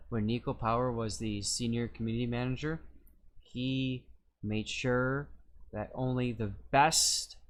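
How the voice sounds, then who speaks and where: Chatty male game streamer explaining mechanics. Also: mid-range voice. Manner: chatty, explains step by step, reads chat aloud. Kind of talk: live-stream game commentary.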